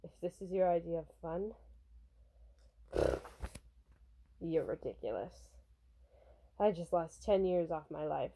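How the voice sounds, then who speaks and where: A woman's voice: fairly low pitch, moderate pace, warm tone, slight background noise, pitched below the performer's own voice, natural voice. A woman voicing a stern, clipped male bodyguard from a comic. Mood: exasperated.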